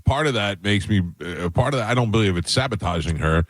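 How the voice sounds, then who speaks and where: A man's voice: on the low side, animated, quick pace, dry recording. A man in his fifties hosting a morning radio show, telling rambling, self-deprecating stories and reading ads live in a studio. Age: 50s. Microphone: studio microphone.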